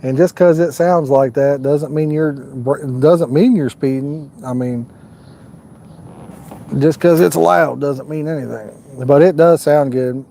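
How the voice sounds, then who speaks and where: A man hosting a night fishing livestream, chatting loosely with viewers in a folksy, rambling way. His voice sits a little high for a man, with a dark, mellow tone. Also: takes it slowly, vocal fry. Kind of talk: casual live-stream chat.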